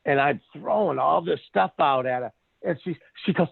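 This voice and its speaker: A man's voice: a little high, moderate pace, vocal fry, slightly rough, no room sound. A man, a psychic medium, chatting casually as a podcast guest and telling stories with lots of restarts and laughs. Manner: animated storyteller, restarts a lot, laughs often. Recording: tinny phone line, dry.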